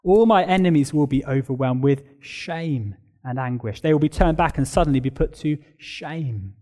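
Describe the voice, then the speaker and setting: At a moderate pace and a slightly high pitch, a man gives an expository sermon. He is emphatic, building force with repeated phrases, then shifting down to a quiet, solemn tone.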